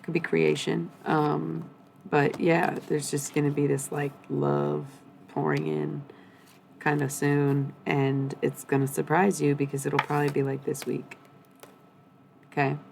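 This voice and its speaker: Young woman, blunt and profane tarot streamer; low, gravelly voice. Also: measured pace, a little mellow, a little hiss or hum, low-quality recording. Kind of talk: live-streamed tarot reading.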